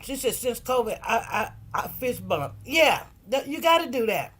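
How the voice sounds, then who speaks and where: A woman's voice: on the high side, sing-song, normal speed, fairly bright tone, breathy edge. Emphatic middle-aged woman chatting live. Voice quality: emphatic, preachy storyteller. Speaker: livestream host. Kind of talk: casual livestream chat.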